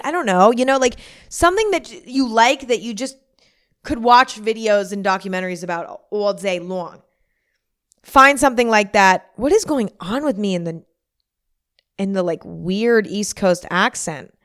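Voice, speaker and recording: Young woman, solo podcast host, rambling casual chat, self-mocking, smooth clear voice. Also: mid-range voice.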